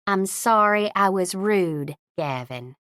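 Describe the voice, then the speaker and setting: A woman's voice: medium pitch, animated, slow pace, fairly bright tone, dry recording, clean studio sound. A woman voicing a gossipy, chain-smoking small-town beautician with a catty, nosy manner. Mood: flustered.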